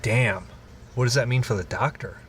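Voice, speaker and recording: A young man co-hosting a podcast, teasing his partner with drawn-out comic interjections. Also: mid-range voice, slight background noise. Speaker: podcast co-host. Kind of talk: casual comedic banter.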